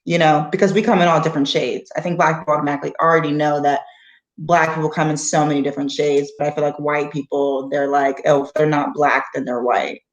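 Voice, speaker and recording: A woman's voice: sits low, little pitch movement, fast, roomy sound, muffled recording. A young adult woman co-hosting a casual chat, telling candid stories and acting out the people she quotes. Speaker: co-host.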